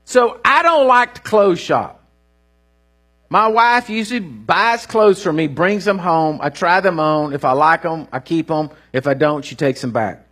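A middle-aged man, preaching a sermon in an animated, folksy storytelling way with rising bursts and a husky voice. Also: fairly high pitch, unhurried, faint music behind. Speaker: pastor.

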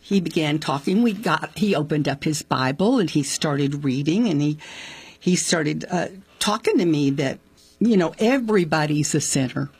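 Husky-voiced woman telling her story, acts out what people said, lowish voice, dry sound. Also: lively intonation, normal speed, darkish tone, no room sound. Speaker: interview guest. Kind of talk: telling a personal faith story.

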